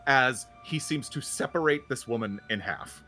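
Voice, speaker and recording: A man running a tabletop horror game as game master, narrating with laughs and halting restarts. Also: mid-range voice, sharp tone.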